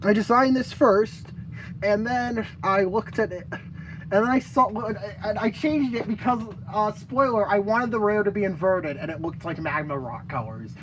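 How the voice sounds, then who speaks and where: A woman's voice: medium pitch, normal speed, background noise. Giggly young woman reading her own ideas. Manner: giggly, stumbling and self-mocking. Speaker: fan-game designer presenting ideas. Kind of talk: casual chat reading out her own writing.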